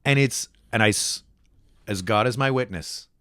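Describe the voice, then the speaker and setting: A man from Canada, a podcast guest, in casual comedic chat, swearing and swinging into high put-on voices when he quotes people. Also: normal speed, fairly bright tone, dry recording, clean studio sound.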